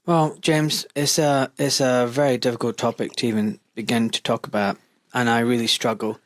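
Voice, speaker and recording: Scottish-born guy hosting a podcast, blunt and animated, lots of asides, dry close sound. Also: medium pitch, moderate pace, dry recording. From Scotland. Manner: animated, blunt, full of asides and quoted voices. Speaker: podcast host, doctor. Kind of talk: casual opinionated podcast talk.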